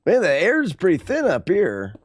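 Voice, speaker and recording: A man's voice: high-pitched, wildly swooping pitch, moderate pace, no room sound. A man streaming a game live, talking to his chat with playful trash talk. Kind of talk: live gameplay commentary to chat.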